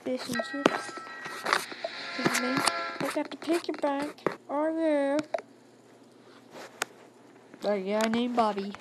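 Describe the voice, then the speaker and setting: Woman, playful game commentator, fairly high voice, slow, loud noise bed. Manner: playful, giggly, silly. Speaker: gaming video creator.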